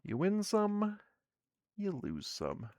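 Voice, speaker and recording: A man's voice: high voice, wildly swooping pitch, slow, a little mellow, no echo, clean studio sound. A sleepy man casually narrating his solo tabletop game on a live stream, rambling and self-deprecating as he reads the game text aloud.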